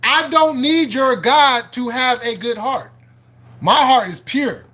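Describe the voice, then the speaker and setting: A man with a very high, bright voice rants on his livestream, swearing freely and answering viewers in the chat. He argues in a combative, preachy way, repeats himself and breaks into laughs between points. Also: slow. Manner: preachy and argumentative, quoting scripture. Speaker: livestream host. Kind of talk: live-stream rant answering chat.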